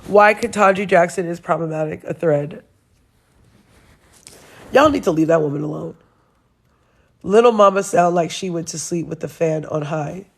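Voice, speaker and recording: Young woman vlogger, reads headlines then roasts them, sarcastic and blunt, bit of vocal fry. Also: lowish voice, moderate pace, pauses often. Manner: blunt, sarcastic, laughs often. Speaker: show host. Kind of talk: casual commentary reading news aloud.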